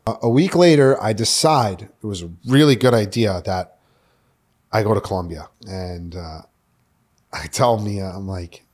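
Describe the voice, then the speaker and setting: A man's voice: lowish voice, measured pace, pauses often, darkish tone. A young man from New York City as a podcast guest, candidly telling his story in a rambling, profane way, full of "like" fillers.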